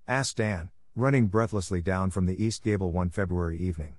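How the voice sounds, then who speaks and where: A man narrating a novel as an audiobook reader, in a measured storytelling manner. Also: on the low side, expressive, dry recording, clean studio sound. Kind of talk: scripted narration.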